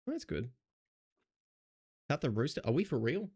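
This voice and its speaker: A man's voice: mid-range voice, very animated, normal speed, darkish tone, husky. A man chatting casually on a live stream, blunt and sarcastic, with casual swearing.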